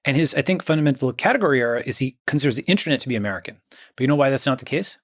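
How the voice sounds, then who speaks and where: Male guest, emphatic explainer, tags his points with "right?", mid-pitched voice. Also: expressive, racing, a bit bright, dry recording, studio quality. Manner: emphatic, checks in with "okay?" and "right?". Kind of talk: conversational interview.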